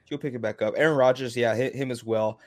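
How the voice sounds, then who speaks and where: A man co-hosting a podcast in an animated, emphatic way, chatting and hyping his picks. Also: medium pitch, fast talker. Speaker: podcast co-host. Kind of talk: casual fantasy football chat.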